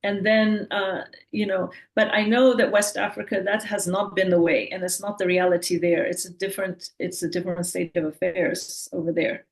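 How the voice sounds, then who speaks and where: A woman's voice: on the low side, normal speed, vocal fry, hardly any pauses, low-quality recording. A woman speaking on a video call. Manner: relaxed, with many fillers and restarts. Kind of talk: online webinar talk.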